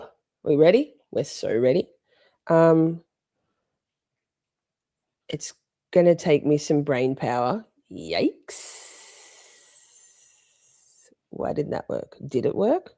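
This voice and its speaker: A woman's voice: low-pitched, sing-song, slow, long pauses, dark tone, no room sound, studio quality. A woman live streaming, rambling in casual chat, swearing freely and greeting viewers in the chat.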